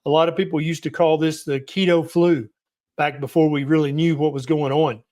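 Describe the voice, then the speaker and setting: A man with a Southern US accent and a somewhat high voice, answering interview questions as a doctor. He talks frankly and emphatically, with a reassuring push behind his points. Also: little pitch movement, moderate pace, a little mellow. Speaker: doctor guest.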